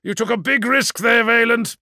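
A man's voice: very high voice, normal speed, pushed and bright, no room sound, studio quality, pitched above the performer's own voice, full character voice. A man voicing a tense male warrior on a warship, exclaiming in alarm in a raised voice.

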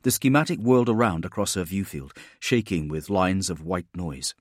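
A man giving steady, measured scripted narration of an audiobook. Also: deep voice, dry recording, studio quality.

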